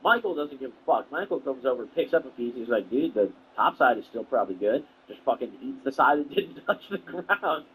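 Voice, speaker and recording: A man's voice: medium pitch, lively intonation, brisk, few pauses, a bit bright, a little hiss or hum, poor audio. A young man talking casually to camera, telling a rambling, profane, slang-heavy story as a video creator.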